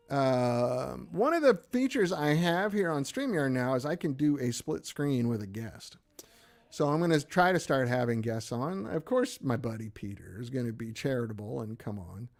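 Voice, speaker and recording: A man's voice: medium pitch, creaky. A middle-aged American man hosting a livestream, chatting loosely and self-deprecatingly as he answers viewer comments. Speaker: livestream host. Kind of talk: casual chat reading viewer comments.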